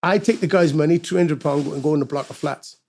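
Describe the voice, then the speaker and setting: Middle-aged man, high gravelly voice, lively storyteller who swears and does the voices. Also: quick pace. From Wales. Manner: animated, swears freely, acts out quoted voices. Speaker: guest musician. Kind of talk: casual storytelling interview.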